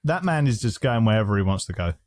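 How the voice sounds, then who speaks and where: A man's voice: lowish voice, fast talker, no room sound. Laughing man on a podcast. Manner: animated storytelling, laughs a lot, swears. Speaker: podcast co-host. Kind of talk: casual chat.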